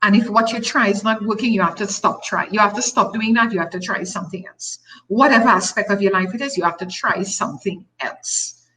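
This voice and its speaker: A woman's voice: medium pitch, fairly quick, poor audio. A middle-aged woman with a Tobagonian accent, a talk show guest telling a personal story with emphatic repetition. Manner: emphatic, repeats phrases, animated storytelling.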